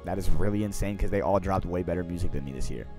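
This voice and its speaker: Talking quickly in a low voice, this young streamer casually takes viewer questions, cursing and using slang as he shifts from mumbled asides to loud outbursts. Faint music plays behind him.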